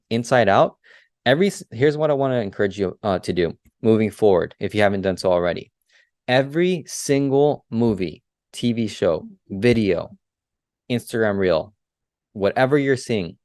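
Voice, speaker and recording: A young man co-hosting a casual motivational business talk. He is energetic, asks rhetorical questions and keeps adding "right?" and "like". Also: fairly low pitch, no room sound, clean studio sound. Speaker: podcast co-host and business coach.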